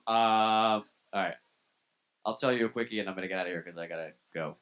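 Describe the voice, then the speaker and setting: A man on a comedy club stage, talking into a handheld mic. His voice sits on the low side, and he talks in a casual, self-deprecating way and swears freely. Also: brisk, fairly bright tone, smooth. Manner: self-deprecating, profane, conversational. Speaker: stand-up comedian. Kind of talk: live stand-up set.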